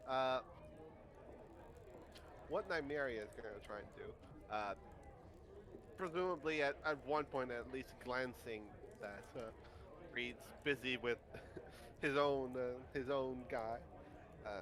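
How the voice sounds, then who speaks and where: A man's voice: medium pitch, unhurried, pauses often, a crowd in the background. A man playing a tabletop game, describing his moves hesitantly with many fillers. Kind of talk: casual game chat.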